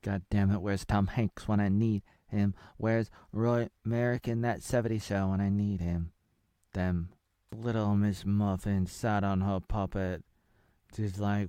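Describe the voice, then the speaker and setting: A man in his thirties from Oregon, USA, gives a rambling spoiler review of a TV series, drifting between retelling scenes, jokes, half-sung snippets and murmured asides. His lowish, warm voice has a level tone and measured pace. The sound is clean, with no echo.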